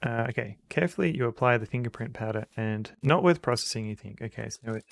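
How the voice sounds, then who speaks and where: A man's voice: mid-range voice, animated, fast, gravelly. A man streaming a retro game, giving wry, chuckling commentary and reading the game text aloud.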